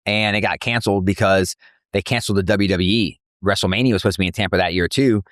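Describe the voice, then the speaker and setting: A man, an MMA promotion CEO, telling stories in a casual interview with animated slang and lots of fillers. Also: fairly low pitch, no room sound, studio quality. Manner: fast, animated storytelling with slang and filler words. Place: cafe.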